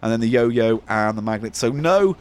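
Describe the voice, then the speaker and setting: A man's voice: mid-range voice, animated, normal speed, a little hiss or hum. A man co-hosting a comedy improv podcast, exasperated and swearing freely.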